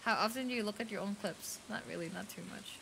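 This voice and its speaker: Talking quickly with vocal fry, a young woman with a light Filipino accent streams a game, casually reading chat aloud and swearing freely. Her mid-range voice is a bit bright, with slight background noise behind it.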